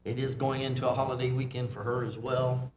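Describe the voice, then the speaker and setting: A man chairing a public meeting in a casual, folksy way, with a bit of joking. The room is echoey and there is steady noise behind him. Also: medium pitch, a little fast.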